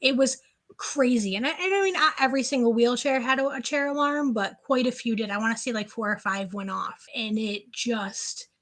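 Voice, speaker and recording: A woman guest on a podcast interview, telling a personal story in an animated, casual way, full of "like" fillers. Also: on the high side, moderate pace.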